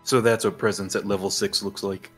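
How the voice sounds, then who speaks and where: A man with a fairly low voice talks quickly in brief asides during a tabletop game. He jokes and asks quick rules questions. Music runs faintly in the background. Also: little pitch movement, breathy edge. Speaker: player. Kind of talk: casual tabletop play.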